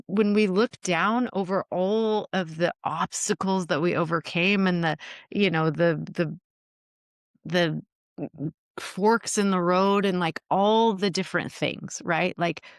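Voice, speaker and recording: A woman's voice: lowish voice, dry recording, clean studio sound. Reflective woman, relationship therapist guest. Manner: reflective, uses lots of "like" and rhetorical questions. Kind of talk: casual interview chat.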